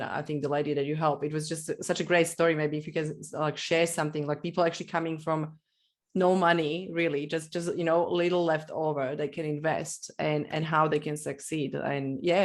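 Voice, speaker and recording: A woman hosting a podcast interview, asking long rambling questions and searching for her words. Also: deep voice. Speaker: podcast host. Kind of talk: casual interview chat.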